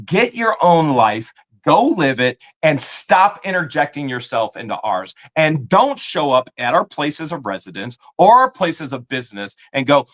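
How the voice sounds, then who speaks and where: Man, live-stream co-host, indignant rant, lively pitch, slightly high voice. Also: moderate pace, few pauses. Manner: indignant, scolding the chat.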